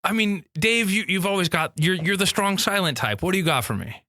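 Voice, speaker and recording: Goofy lively podcast man. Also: high voice, a little fast, dry recording, clean studio sound. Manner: goofy, playing dim and rambling. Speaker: podcast co-host. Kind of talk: improv comedy podcast.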